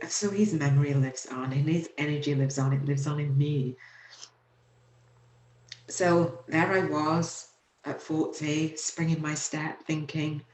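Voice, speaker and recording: A woman in her forties, hosting her own show, telling a painful personal story in a halting, emotional way with many fillers. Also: sits low, a little mellow. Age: 40s. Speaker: host. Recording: echoey room.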